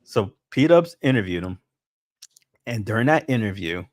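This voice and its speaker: A man's voice: lowish voice, expressive, normal speed, a little mellow, no echo, studio quality. A man hosting a casual livestream, venting with profanity and frequent laughter. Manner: frustrated, profane, laughing between complaints. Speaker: stream host.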